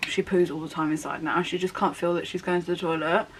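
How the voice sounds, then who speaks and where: A woman's voice: fairly low pitch, little pitch movement, quick pace, slight background noise, low-quality recording. Chatty young woman. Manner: rambling, candid storytelling with frequent "like" fillers. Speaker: beauty vlogger. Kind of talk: chatty get-ready-with-me vlog. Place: at home doing makeup.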